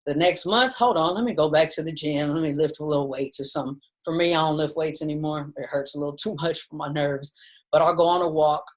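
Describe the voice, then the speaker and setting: A mindfulness instructor teaches a casual webinar from home over a video call, her dog nearby. Her voice sits low and moves quickly, friendly and chatty as she explains things plainly and keeps addressing listeners as "you guys." The audio quality is poor.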